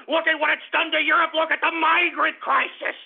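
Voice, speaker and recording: Man, high voice, angry talk radio host, profane rant, tinny phone-like sound. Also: flat delivery, fairly quick, gravelly. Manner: profane, shouting angry rants that drop to grumbling. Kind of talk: ranting political talk radio.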